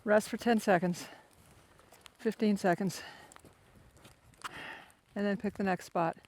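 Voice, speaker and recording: A man's voice: high-pitched, fairly even intonation, slow, a little mellow. An older man from Florida, chatting casually and poking fun at himself while he walks a foggy mountain trail, talking into a handheld phone camera. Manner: chatty, self-mocking, rambling. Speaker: hiker vlogger. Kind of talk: casual vlog while hiking.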